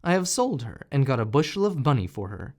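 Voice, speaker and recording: A man voicing a cunning young peasant, calling out in a high, loud, pleading voice, in a storybook reading. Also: big pitch swings, a little fast. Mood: smug.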